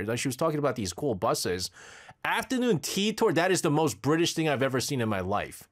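A man's voice: on the high side, normal speed. A man hosting a radio show, reading listener messages in a casual, joking way and laughing often. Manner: animated, jokey, laughs often. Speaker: radio host.

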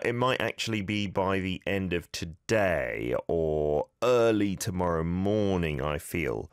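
A male radio host giving listeners patient, explanatory pronunciation tips in a relaxed on-air manner. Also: low-pitched, dry recording, clean studio sound. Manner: patient, explanatory, gently corrective.

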